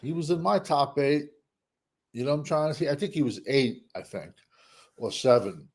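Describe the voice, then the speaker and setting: A man hosting a podcast in casual chat, ranting in an animated, exasperated way. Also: a little high, moderate pace, husky. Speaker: podcast host.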